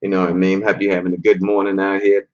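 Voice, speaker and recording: Man, deep voice, slightly rough, casual livestream host, slangy and laid-back, dull lo-fi audio. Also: monotone, fast. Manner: laid-back street slang, shout-outs to chat. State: voice a bit rough after a late night. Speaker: channel host. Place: hotel room at a fan convention. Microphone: phone or laptop camera.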